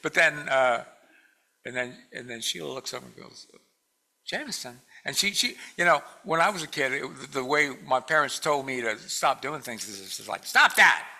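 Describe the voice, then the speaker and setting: Man with a very bright voice. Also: medium pitch, moderate pace, creaky. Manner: rambling, full of fillers and restarts, laughs often. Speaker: guest speaker at a spiritual community. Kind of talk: casual storytelling talk.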